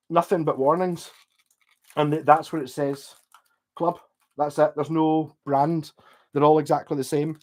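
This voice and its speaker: A Scottish man talks to his livestream audience in a relaxed, wandering way. He drifts from one thought to the next and drops swear words freely, sounding easygoing and unpolished. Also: a little high. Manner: swears often, loose and digressive. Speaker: livestreamer chatting with viewers. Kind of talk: casual rambling chat.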